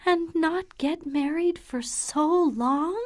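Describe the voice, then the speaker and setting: A quiet, obedient young woman, as a female narrator reads her. Her voice lifts higher than the narration, gentle and pleading, and she speaks very slowly.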